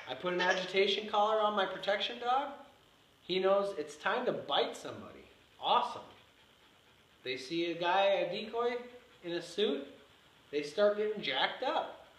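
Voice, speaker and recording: A man's voice: on the high side, a bit bright. Emphatic male dog trainer, echoey room. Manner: repetitive, emphatic, marking with "yes". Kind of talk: instructional demonstration. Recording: echoey room with faint background noise.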